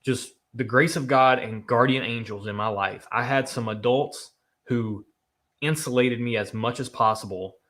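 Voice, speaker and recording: A man's voice: mid-range voice, moderate pace, a bit bright. A man from Nashville, co-hosting a charity livestream in earnest, emphatic casual chat. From Nashville, Tennessee. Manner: earnest, emphatic, reads donor comments aloud. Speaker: livestream co-host.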